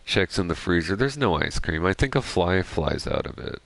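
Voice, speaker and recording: A young man with a remarkably deep voice full of gravelly fry. He rambles through gameplay commentary, drifting into jokes and casual swearing. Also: big pitch swings, normal speed, fairly bright tone, no echo. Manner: digressive, joking, profane. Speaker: gaming streamer.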